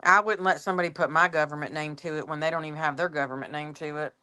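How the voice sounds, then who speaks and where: A woman's voice: low-pitched, steady tone, fast, bright, forceful tone, clean tone. A woman on a livestream panel, chatting casually and laughing often. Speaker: panel guest.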